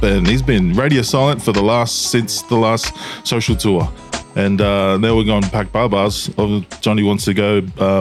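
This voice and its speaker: A man with a lowish voice hosts a laid-back rugby podcast. He rambles through his points with plenty of fillers and now and then a curse. Soft music hums faintly behind him. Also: dry recording. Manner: rambling, filler-heavy, swears. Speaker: podcast host. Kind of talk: casual chat.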